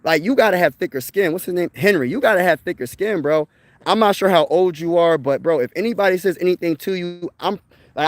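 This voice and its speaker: Here a young sports channel host with a higher-pitched voice speaks in a recording free of echo. His casual sports talk is forceful and meandering, and he keeps slipping in "bro" and "man" while arguing his case to the audience.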